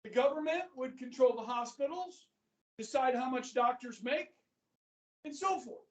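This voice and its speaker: A man in his fifties teaches a high school government class, his voice carrying through a roomy, echoing classroom. He is picked up by a recorder set well away from him. He talks in a chatty way and keeps checking in with the students. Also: moderate pace, dull audio. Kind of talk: classroom lecture. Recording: echoey classroom from far off.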